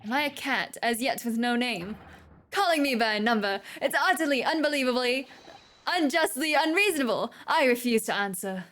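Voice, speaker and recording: A woman's voice: sits high, expressive, moderate pace, a bit bright. Woman doing a melodramatic young male prisoner. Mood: agitated. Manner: theatrical, bombastic outbursts.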